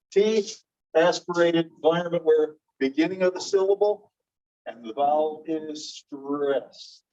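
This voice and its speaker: A man teaching a linguistics class, explaining slowly and repeating key phrases while checking that students follow. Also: on the high side, darkish tone. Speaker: linguistics instructor. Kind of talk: classroom lecture. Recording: muffled distant classroom recording.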